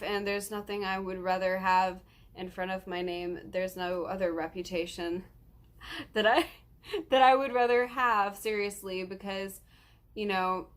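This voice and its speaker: A nineteen-year-old woman vlogging, earnest and rambling with lots of ums, close to tears as she talks. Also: medium pitch. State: tearful, close to crying. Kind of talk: emotional personal vlog.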